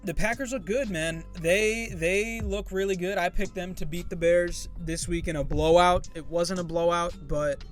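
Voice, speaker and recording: Man, sports podcast co-host, laid-back, high voice, faint music under it. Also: steady tone, moderate pace, hardly any pauses. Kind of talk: casual sports chat.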